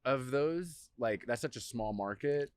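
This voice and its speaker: A man's voice: medium pitch, expressive, measured pace, clean tone, no room sound. A young man guesting on a podcast, chatting in a laid-back, slangy, agreeable way. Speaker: podcast guest, social media creator. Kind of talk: casual podcast chat.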